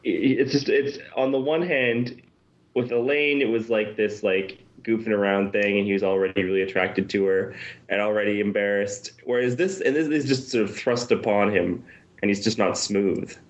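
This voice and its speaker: A man's voice: on the low side, steady tone, moderate pace, dull audio. A man joining a podcast chat, rambling and correcting himself as he talks. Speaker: podcast guest. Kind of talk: casual chat.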